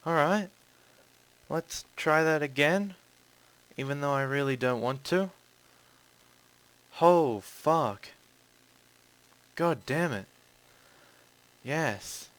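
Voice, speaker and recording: A man's voice: a little high, extremely slow, pauses often, no echo, poor audio. A man giving casual commentary while he plays a horror game, chatty and swearing often. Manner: chatty, swears often, bursts into loud yelps when startled. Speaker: gaming channel host. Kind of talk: casual let's-play commentary. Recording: clear background noise.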